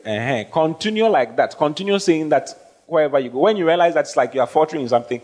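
A man's voice: a little high, lively intonation, quick pace, a little mellow. A man preaching as pastor, emphatic and call-and-response, often asking the congregation to answer. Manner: emphatic, rising to stressed phrases, asks the congregation questions. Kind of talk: sermon with audience questions.

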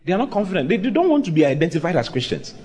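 A pastor preaches with swooping, animated intonation. His voice sits a little high for a man. He keeps turning to his listeners with questions and acts out the voices of the people he quotes. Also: very fast. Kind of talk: sermon.

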